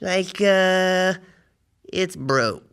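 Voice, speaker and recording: A man voicing a goofy, excitable young puppet guy who jokes and overreacts in a kids' puppet comedy. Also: high-pitched, very slow, clean tone, full character voice. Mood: sheepish. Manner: clumsy, dramatic, joking. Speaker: puppet vlogger.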